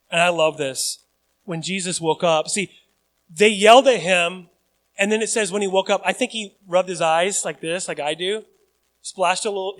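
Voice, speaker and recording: High-voiced pastor preaching a sermon. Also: male voice. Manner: chatty, joking asides to the congregation; rising to loud emphatic calls.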